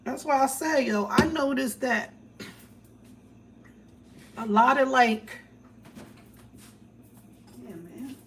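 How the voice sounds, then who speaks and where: Young woman cooking + chatting on her phone stream, higher voice, curses and jokes a lot, kinda far from the mic, noisy background. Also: slow pace, pauses often. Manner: loose, joking, profane, laughs often. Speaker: livestreamer. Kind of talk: casual livestream chat while cooking. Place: home kitchen.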